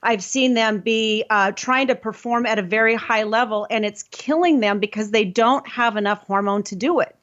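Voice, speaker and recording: A woman with a fairly high voice talks through health topics on her show. She explains in quick bursts and often restarts her sentences. The sound is a little dull and lo-fi. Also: fairly bright tone. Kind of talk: casual health talk.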